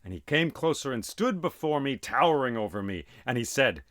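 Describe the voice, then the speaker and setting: A man telling an old myth aloud as host, dramatic and animated, voicing sound effects as he goes. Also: medium pitch, normal speed, hardly any pauses, no room sound, studio quality. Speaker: storyteller and podcast host. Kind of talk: oral storytelling of myth.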